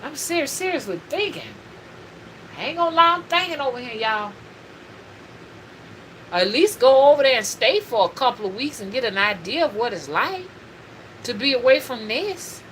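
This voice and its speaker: Middle-aged woman, bright forceful voice, preachy livestream host with faint room noise. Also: high voice, normal speed, long pauses, poor audio. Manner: animated, preachy, addresses viewers as y'all. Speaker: spiritual reader and livestream host. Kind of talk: casual livestream talk.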